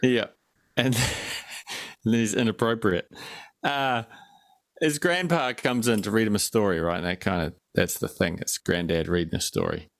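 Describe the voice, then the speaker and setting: A man's voice: lowish voice, moderate pace, fairly bright tone, no room sound, clean studio sound. A man co-hosting a casual film review chat, rambling and jokey, often breaking off mid-sentence. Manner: rambling, jokey, self-interrupting. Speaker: podcast co-host.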